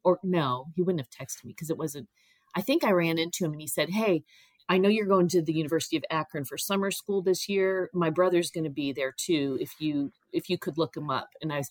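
A middle-aged woman tells a personal story in a relaxed, chatty way, jumping up in pitch whenever she acts out what people said. Her voice sits fairly low, and the recording is close and dry with no room sound. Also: no echo. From Ohio. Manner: animated, acts out quoted voices. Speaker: guest telling her story. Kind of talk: casual storytelling.

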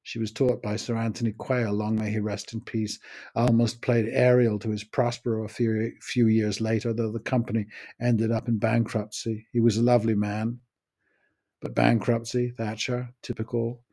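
Older man, mellow voice, wry opinionated podcast essay. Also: lowish voice, level tone, moderate pace. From United States. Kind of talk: reflective spoken essay.

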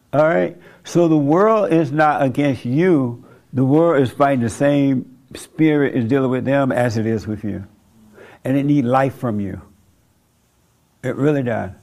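A man's voice: mid-range voice, unhurried, long pauses, darkish tone. A man preaching an informal sermon to a small group, conversational, asking rhetorical questions and chuckling at his own points.

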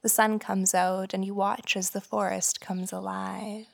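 A woman hosting a podcast, giving scripted, measured narration that explains ideas and tells a story. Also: medium pitch, level tone, vocal fry.

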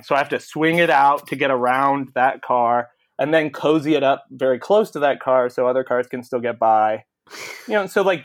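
A man co-hosting a casual podcast, his voice sitting a little high for a man. He tells stories with energy, swears freely and acts out the lines of the people in them. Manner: animated storyteller, swearing, acting out quoted voices. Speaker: podcast co-host. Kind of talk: casual storytelling chat.

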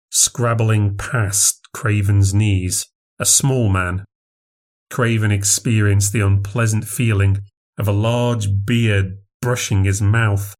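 A man narrating a horror story in a measured, unhurried reading. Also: fairly low pitch, darkish tone.

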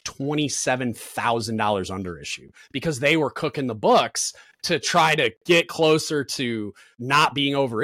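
In a pushed, bright, medium-pitched voice, this man in his thirties appears as a podcast guest. He trades work stories bluntly, swearing and using lots of fillers. The sound has no echo.

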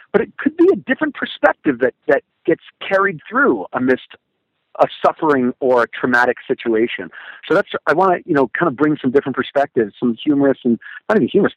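A man's voice: mid-range voice, no echo, muffled recording. A man talking as a podcast guest, an emphatic storyteller who acts out other people's thoughts. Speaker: guest, motivational speaker and hardcore singer. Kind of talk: animated podcast conversation.

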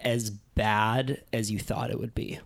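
A man hosting a podcast, telling a personal story in a reflective way that trails off softly. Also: fairly low pitch, steady tone, slow, vocal fry, no room sound. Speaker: podcast host. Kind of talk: casual podcast conversation.

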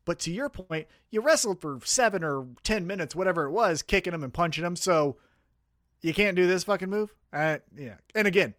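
A high-pitched man talks a little fast in an echo-free studio recording. As a podcast co-host in casual conversation, he tells animated tales laced with profanity and dramatized quotes.

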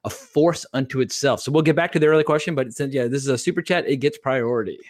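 A man's voice: mid-range voice, fast talker, no echo, clean studio sound. A man hosting a live-streamed conversation who reads out a viewer donation and question. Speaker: host.

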